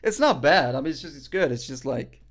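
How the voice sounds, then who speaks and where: A man's voice: a little high, animated, fairly quick. Cocky, joking male streamer. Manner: cocky, joking, profane, rambling. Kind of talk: casual live-stream reaction chat.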